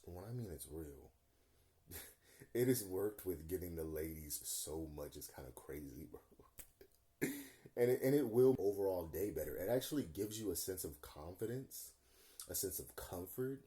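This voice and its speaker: A young man with a deep, warm, unhurried voice talks casually to his audience. He is earnest and rambling, uses loose slang, and keeps circling back to repeat his points. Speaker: vlogger. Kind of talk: casual vlog monologue.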